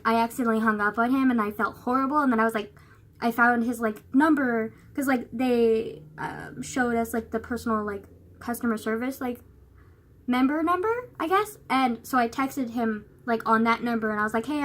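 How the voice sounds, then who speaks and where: A young woman vlogging in a rambling, casual way, full of "like" and swearing. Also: a little high. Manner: rambling, filler-heavy, swears a lot. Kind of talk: casual chat.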